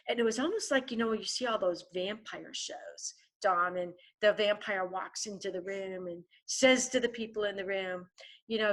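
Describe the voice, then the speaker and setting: A woman's voice: medium pitch, normal speed. A woman guest author telling a vivid story in a podcast interview, often turning to the host by name.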